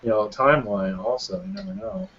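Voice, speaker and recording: A man's voice: medium pitch, sing-song, a little fast, gravelly, highs cut off, a loud crowd. A man in casual chat, making wry, joking interjections. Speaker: hangout participant.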